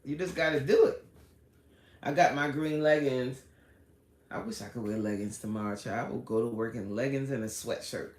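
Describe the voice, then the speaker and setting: A woman's voice: extremely low pitch, normal speed, darkish tone. A woman hosting a casual livestream, chatting with viewers by name and launching into a story. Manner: chatty, answers the live chat by name, storytelling. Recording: roomy echo, faint background noise.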